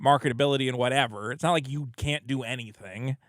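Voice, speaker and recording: Man, podcast co-host, crude joking banter, bright tone, dry close mic. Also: medium pitch, fast talker, dry recording. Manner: crude joking, reads listener messages aloud.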